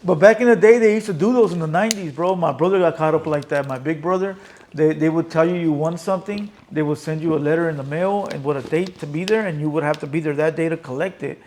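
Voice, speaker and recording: A man's voice: a little high, fast talker, a little mellow. A man hosting an interview, asking questions in laid-back slang. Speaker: podcast host. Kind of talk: casual interview.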